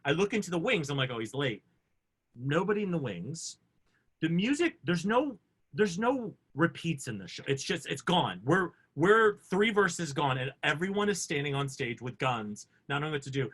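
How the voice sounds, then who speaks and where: A man spinning backstage anecdotes in an animated, swooping voice that jumps into funny impressions. His tone is bright and forward. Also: on the high side, moderate pace, breathy edge. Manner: lively, acts out quotes in funny voices. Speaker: co-host. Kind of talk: animated storytelling.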